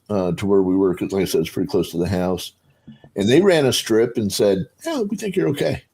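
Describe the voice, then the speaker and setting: Middle-aged man, lowish voice, rambling animated storyteller with fillers. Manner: rambling, animated, acts out voices in his retelling. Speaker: panelist. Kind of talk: casual storytelling on a video call panel.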